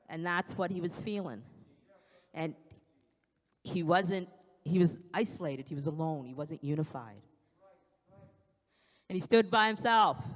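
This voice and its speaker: Woman preaching casual-like at a church mic, middle pitch, big echoey sanctuary. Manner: conversational preaching with acted-out quotes. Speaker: church speaker. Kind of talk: evening sermon. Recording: long church hall reverb.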